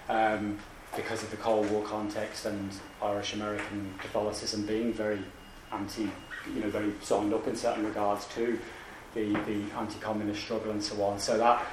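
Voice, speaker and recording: A man giving an academic lecture in a lecture hall, talking in a halting way with many restarts and asides. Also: on the low side, far from the mic, noisy background.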